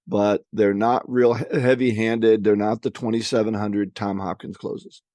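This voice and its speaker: A man's voice: lowish voice, level tone, measured pace, dark tone, dry recording. A man co-hosting a podcast, reading listener questions and answering in a casual, conversational way, often repeating words as he thinks.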